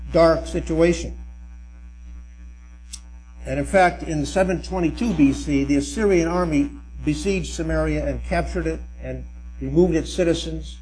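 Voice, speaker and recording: A man teaches a Bible study group in a church hall or classroom, explaining and then directing the class as they prepare to read aloud. His voice sits a little high for a man, and faint music plays in the background. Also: darkish tone. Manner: instructive, directing the group, with restarts and fillers.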